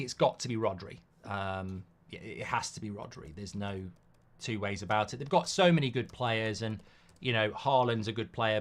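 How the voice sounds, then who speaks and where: A man's voice: fairly low pitch, a bit bright. A middle-aged man, hosting a live football watchalong in a chatty way and reading out viewer comments. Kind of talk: casual live-stream chat.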